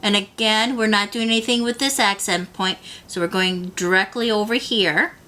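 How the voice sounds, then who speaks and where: A woman's voice: medium pitch, fairly even intonation, moderate pace, pushed and bright. A woman teaching a beading tutorial, patiently talking the viewer through each step. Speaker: beading instructor.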